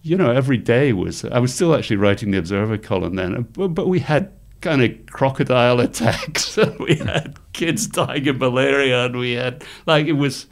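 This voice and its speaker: A middle-aged man, telling lively stories as an interview guest and laughing often. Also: medium pitch, creaky. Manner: animated anecdotes, laughs often, acts out quoted voices. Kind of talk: storytelling in conversation.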